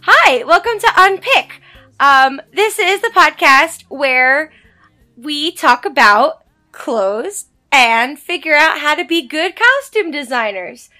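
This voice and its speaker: A woman's voice: sits high, expressive, slow, pushed and bright, faint music behind. A woman costume designer guesting on a podcast, chatting in a playful, slightly apologetic way. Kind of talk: casual podcast chat.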